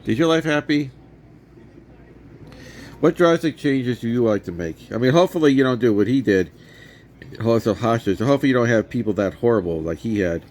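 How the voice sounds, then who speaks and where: A man's voice: medium pitch, lively intonation, a little fast, long pauses, a little mellow, slight background noise. A man in his fifties casually retelling and reviewing a movie for his vlog, rambling with many restarts.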